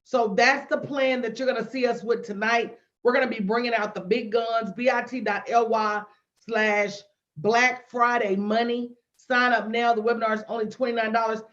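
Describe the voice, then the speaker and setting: A woman business coach hosting a livestream, brash and animated, talking straight to her viewers. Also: a little high, normal speed, lo-fi sound. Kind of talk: livestream promo chat.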